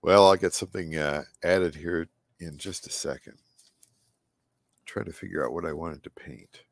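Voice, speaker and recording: Low-voiced man with a scratchy voice. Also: fairly even intonation, normal speed, creaky, no echo. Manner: muttering to himself, trailing off and restarting. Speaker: artist hosting a live painting stream. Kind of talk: rambling live-stream chat while painting.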